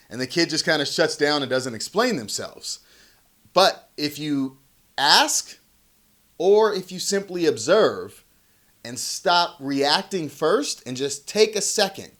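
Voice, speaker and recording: A man in his thirties talking casually about parenting, relaxed and conversational, acting out quoted lines. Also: on the high side. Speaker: parenting vlogger. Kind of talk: casual talk to camera.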